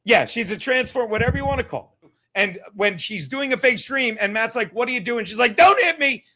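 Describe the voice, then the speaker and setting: A man hosting a live stream, ranting profanely and mockingly, repeating himself and breaking into shouts. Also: high-pitched, fairly quick. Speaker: streamer host.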